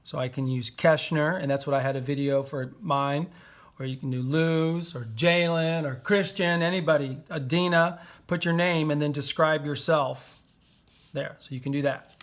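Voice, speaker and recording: A man's voice: a little high, steady tone, normal speed. A man teaching a poetry lesson to young children, patiently sounding out words and syllables.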